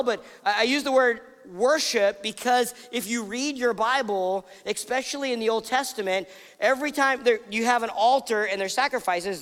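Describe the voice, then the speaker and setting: A man with a high-pitched voice preaches a sermon, telling the story vividly and voicing the people in it. His voice carries a long reverb from the hall he speaks in. His delivery is animated and storytelling. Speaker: pastor.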